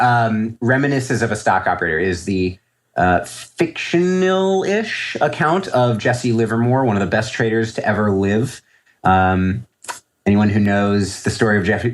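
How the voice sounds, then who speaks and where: A man in his thirties with a low, deep voice talks casually as a podcast guest. He rambles and corrects himself as he thinks out loud. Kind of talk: casual interview talk.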